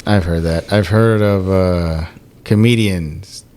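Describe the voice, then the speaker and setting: A man's voice: sits low, slow pace, darkish tone. A young man co-hosting a podcast, chatting casually, teasing, blunt and swearing. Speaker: podcast co-host. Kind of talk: casual chat.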